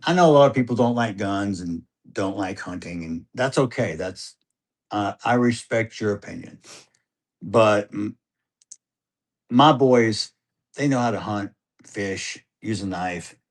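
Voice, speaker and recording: Gravelly middle-aged man telling a story. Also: lowish voice, a little slow. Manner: animated, swings from hushed to loud and excited. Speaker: grieving father being interviewed. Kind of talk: emotional storytelling in an interview.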